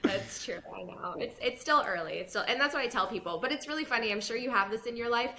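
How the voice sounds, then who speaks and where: A woman and former news reporter, now a podcast host, talking casually in an interview, animated and laughing often. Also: a little high, fast talker, slight background noise. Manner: animated, laughs often, mimics others in quotes.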